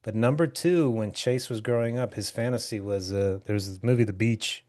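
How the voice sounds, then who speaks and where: A man's voice: on the low side, normal speed, darkish tone. Rambling man telling anecdotes on a podcast. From Hawaii. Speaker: podcast co-host. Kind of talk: casual comedic chat.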